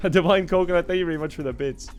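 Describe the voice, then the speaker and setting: A man's voice: high voice, brisk, soft background music. A man streaming a game, chatting casually with viewers, laughing often and thanking them for donations. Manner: laughs often, reads out chat donations, rambling. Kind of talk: casual gaming livestream chat.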